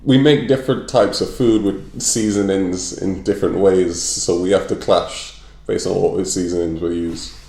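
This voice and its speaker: A man's voice: low voice, normal speed, gravelly. A man with a Northern English accent, a comedian joking as a podcast guest in casual chat. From North of England. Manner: joking, deadpan banter. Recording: roomy echo.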